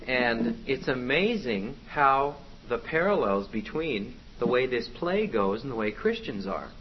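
Animated male preacher on a dull recording. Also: medium pitch, a little slow. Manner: conversational, exhorting. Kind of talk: sermon. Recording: dull lo-fi with faint noise.

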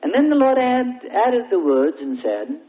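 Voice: mid-range voice, big pitch swings, a little slow. A preacher delivering an impassioned evening sermon, climbing into pleading fervor as it builds. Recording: tinny, narrow-band old tape recording.

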